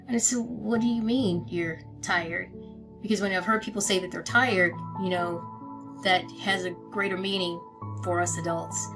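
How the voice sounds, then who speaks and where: Woman talking straight to her followers, somber and steady, pretty monotone, music going in the background. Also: medium pitch, normal speed, poor audio. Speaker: family member making an announcement. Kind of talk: personal spoken account to followers.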